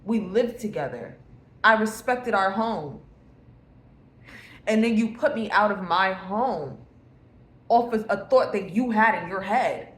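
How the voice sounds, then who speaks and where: A woman's voice: medium pitch, measured pace, pauses often. A woman giving a casual tarot reading to viewers, talking bluntly and swearing freely. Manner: blunt, profane and emphatic. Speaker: tarot reader. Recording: echoey room with faint noise.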